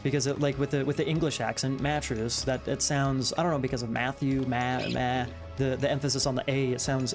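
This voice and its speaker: A man co-casting a strategy game match, talking in a chatty, musing way with lots of fillers. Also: mid-range voice. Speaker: esports caster. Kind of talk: game commentary.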